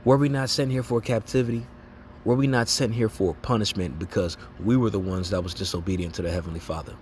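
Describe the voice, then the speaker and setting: A man's voice: fairly low pitch, steady tone, fast, darkish tone, slight background noise. A man giving an informal religious exhortation, talking casually in slang, tagging lines with "man" and "okay?" and laughing as he acts out reactions. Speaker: lay preacher.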